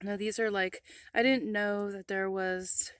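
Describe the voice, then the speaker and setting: A woman's voice: little pitch movement, measured pace, smooth, no echo. Chatty woman vlogger, dry sound. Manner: rambling, many ums, chatty asides to viewers; coos softly to an animal in a higher voice. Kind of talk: casual rambling vlog. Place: outdoors near a forest.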